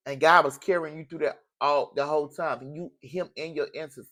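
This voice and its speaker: Tarot reader, male, fairly high voice, preachy and emotional, repeats himself. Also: a little fast, few pauses, sharp tone. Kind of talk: casual tarot reading.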